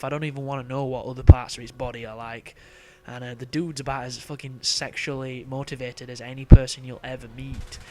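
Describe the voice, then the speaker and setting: A man's voice: mid-range voice, noisy background. A young man giving casual gameplay commentary, rambling and swearing freely with frequent laughs. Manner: rambling, profane, laughs often.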